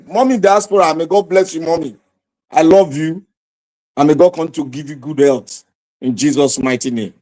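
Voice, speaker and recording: A man's voice: a little high, a little mellow. A Nigerian man hosting impassioned political commentary, preaching and exhorting his viewers with a fiery, repetitive delivery.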